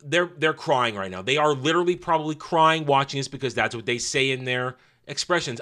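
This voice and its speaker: A man's voice: mid-range voice, fairly quick, bright, forceful tone. A man giving a casual, opinionated show review in a sarcastic, scornful way, with mocking asides.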